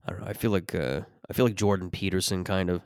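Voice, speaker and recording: A man's voice: low voice, fairly even intonation, quick pace, darkish tone, clear, resonant tone, dry recording, clean studio sound. Rambling profane man in his thirties. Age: 30s. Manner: rambling, profane, self-interrupting. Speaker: podcast host. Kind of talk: comedic solo rant.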